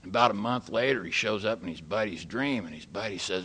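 A man's voice: low-pitched, a little fast, hardly any pauses, a bit bright, breathy edge. An older man speaking plainly and folksily to a recovery meeting, telling stories and jokes. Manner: folksy, plain-spoken, tells jokes and quotes others. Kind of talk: storytelling talk to a live group.

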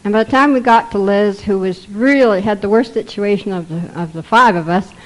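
The audio is poor, but you can hear an older woman from Canada with a mid-range voice talking fairly quickly. She's telling a group funny recovery stories, chuckling through each anecdote and voicing the people she quotes.

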